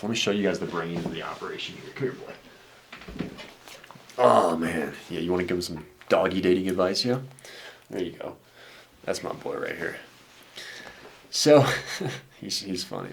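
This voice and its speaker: A man coaching on dating, talking bluntly and casually, calling listeners "dude" and "man" and swearing now and then. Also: deep voice. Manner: blunt and laid-back, says "dude" and "man" a lot, swears. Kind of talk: casual commentary reacting to viewer messages.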